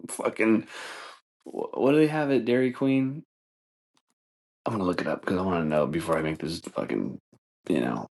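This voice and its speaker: Man, slightly low voice, casual podcast host, profane, rambling, laughs a lot. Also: lively intonation, moderate pace, long pauses, a little mellow. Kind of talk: casual comedic commentary.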